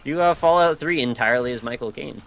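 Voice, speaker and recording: A man's voice: mid-range voice, fast talker, fairly bright tone, slight background noise. A man co-hosting a casual chat, teasing his friend and tossing out goofy suggestions.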